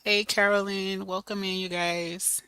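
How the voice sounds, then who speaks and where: A hoarse woman hosts a casual livestream and greets her viewers one by one. She talks slowly in a relaxed, familiar way. Her raspy voice has a bright, forceful edge, and the sound is dry and close. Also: medium pitch, dry recording, poor audio. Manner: chatty, greets viewers by name, loose and familiar. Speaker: livestream host.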